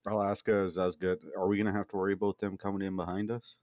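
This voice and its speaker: A man's voice: deep voice, level tone, fast, a little mellow, no echo, dull audio. A man speaking as a player in a tabletop game, casual and playful. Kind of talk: tabletop role-play.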